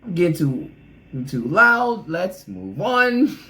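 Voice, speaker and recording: A man's voice: sits high, huge pitch swings, takes it slowly, pushed and bright, rough recording. A man hosting a casual reaction video, blunt and opinionated, talking straight to the person he reacts to.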